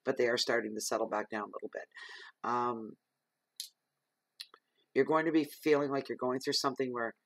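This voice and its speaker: Man, tarot reader, earnest, mid-pitched voice, speaks straight to the listener, dry close sound. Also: level tone, normal speed, long pauses, no echo, low-quality recording. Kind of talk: general tarot reading to viewers.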